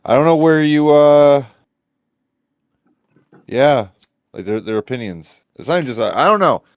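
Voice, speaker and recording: A man's voice: fairly high pitch, expressive, normal speed, no room sound. A man in casual livestream chat, swearing and rambling as he searches for words. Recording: dull lo-fi audio.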